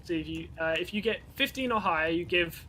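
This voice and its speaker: Bright-voiced male game master. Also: high voice, brisk, slight background noise. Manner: loose, chatty narration with many fillers. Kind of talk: narrating a tabletop game. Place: home setup, live stream.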